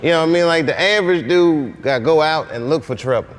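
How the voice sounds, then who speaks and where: A man's voice: on the high side, fast. A man in his forties telling funny stories in an interview, laughing often and acting out dialogue. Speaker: comedian guest. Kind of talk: interview anecdotes.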